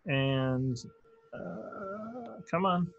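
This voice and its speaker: A man running a tabletop role-playing game as dungeon master, briskly calling out rolls and turns. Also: sits high, lively intonation, creaky, breathy edge, phone-quality sound.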